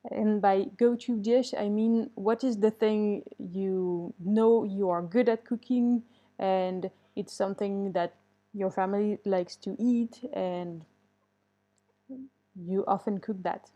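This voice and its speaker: Mellow-voiced woman teaching English. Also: medium pitch, fairly even intonation, slow, highs cut off. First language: French. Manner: reads student answers aloud and comments kindly; switches to French to correct mistakes. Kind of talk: online class with students.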